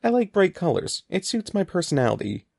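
A man putting on a bright, talkative young girl with a high, swooping voice that jumps with excitement. She sounds breathless and eager, with a gravelly edge underneath, recorded close and dry. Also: fairly quick, no echo, exaggerated voice. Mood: cheerful.

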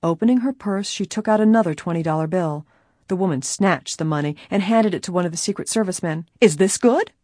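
A woman narrating an audiobook in a steady, even storytelling manner. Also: on the low side, quick pace, dry recording, studio quality. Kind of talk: scripted narration.

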